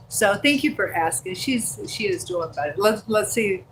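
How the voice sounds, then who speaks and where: A woman hosting a casual livestream from her phone, talking in a loose, rambling way as she reads out viewer comments and answers them with lots of ums and likes. Her pitch sits in an ordinary middle range, and a faint hiss of background noise runs underneath the recording. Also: moderate pace, poor audio. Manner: chatty and rambling, reading viewer comments aloud with many fillers. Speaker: livestream host. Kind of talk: casual live-stream chat. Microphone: handheld phone.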